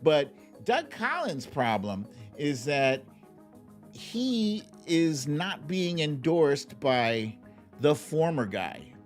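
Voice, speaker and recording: A man's voice: fairly high pitch, sing-song, very slow, soft background music. A man hosting a livestream, chatting casually about politics, laughing often and drawling when he mocks something. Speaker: livestream host.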